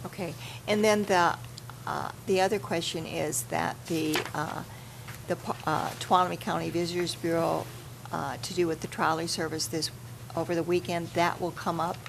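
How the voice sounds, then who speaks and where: A woman's voice: fairly low pitch, flat delivery, moderate pace, gravelly. A woman board member hesitantly asking questions at a public meeting, searching for words. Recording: noisy meeting-room mic.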